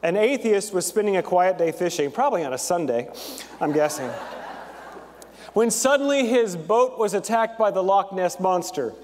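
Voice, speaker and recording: A male pastor giving a sermon in a church, chatty and animated, with fillers as he tells a joke and lays out his points. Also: sits high, normal speed, a little hiss or hum. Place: large church sanctuary. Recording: long hall reverb.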